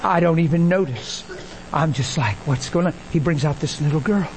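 A man preaching a sermon, telling stories and acting out the dialogue with animated energy. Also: moderate pace, crowd noise, low-quality recording. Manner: animated, acts out dialogue, rises in pitch when excited. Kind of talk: sermon with storytelling.

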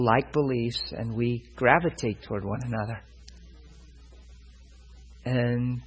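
A man's voice: mid-range voice, a little mellow, husky, low-quality recording. A man preaching, retelling a personal story in dialogue and turning it into a lesson, often checking that his listeners follow. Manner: retells a personal story, quoting both sides; asks listeners if they follow. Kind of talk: sermon storytelling.

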